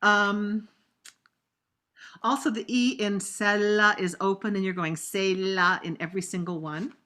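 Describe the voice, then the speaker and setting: Bright-voiced woman coaching singers on a video call. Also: mid-range voice, steady tone, unhurried. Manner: demonstrative, acts out diction examples with sudden loud bursts; conversational, warm coaching with fillers. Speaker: opera coach leading a master class. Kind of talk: virtual master class teaching.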